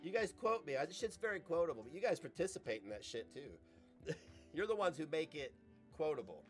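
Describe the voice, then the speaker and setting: A man's voice: fairly high pitch, very animated, brisk, soft background music. A man live-streaming, chatting loosely with viewers, joking and laughing often as he reads chat aloud.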